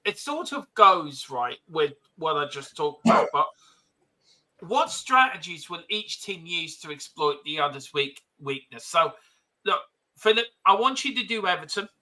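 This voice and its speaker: A man with a high, very bright and forceful voice hosts a loose football chat show. He rambles, restarts his sentences and laughs easily while steering the talk. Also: sing-song, a little slow, low-quality recording. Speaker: host. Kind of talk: casual football podcast chat.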